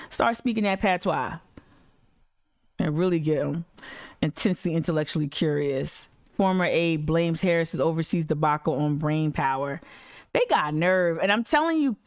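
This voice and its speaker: A woman's voice: mid-range voice, no echo, clean studio sound. A woman hosting a livestream, giving blunt, sarcastic, profane commentary on clips. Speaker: livestream host. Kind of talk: heated commentary reacting to clips.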